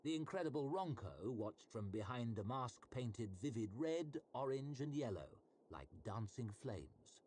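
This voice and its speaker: A man narrating a fantasy novel aloud with a measured, expressive reading. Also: mid-range voice, a little hiss or hum. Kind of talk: audiobook-style fantasy narration.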